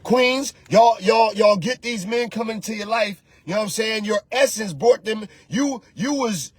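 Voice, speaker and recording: A man hosting a casual motivational talk as a spiritual coach, animated and preachy, slangy and often shouting. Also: high voice, moderate pace, husky, dry recording.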